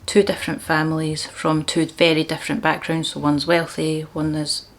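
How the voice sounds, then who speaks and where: Low-voiced woman chatting about books. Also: flat delivery, normal speed. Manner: chatty and enthusiastic, laughs often. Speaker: book vlogger. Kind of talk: casual book chat.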